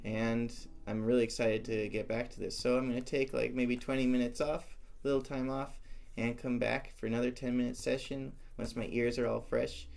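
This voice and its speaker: A man's voice: mid-range voice, flat delivery, normal speed, gravelly, a little mellow. A young man thinking aloud as he composes music, musing and talking to himself with playful asides. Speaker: composition teacher.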